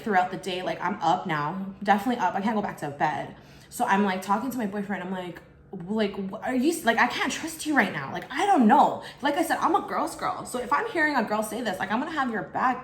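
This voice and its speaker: A chatty young woman spills a story in a casual storytime while eating, filling her talk with "like" and acting out what others said. Her voice sits at a middling pitch, and the recording carries a roomy echo. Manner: chatty, fills speech with "like", acts out others in quotes. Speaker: vlogger.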